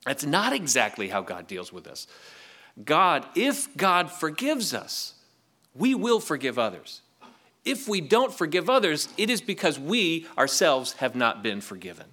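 A man's voice: mid-range voice, huge pitch swings, normal speed, bright, forceful tone. A man preaching a sermon, reading scripture aloud and asking the congregation rhetorical questions in a conversational way. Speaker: pastor.

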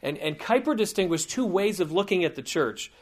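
A man's voice: sits high, animated, brisk. A man giving a conversational teaching sermon, informal and digressive, with frequent asides and light humor.

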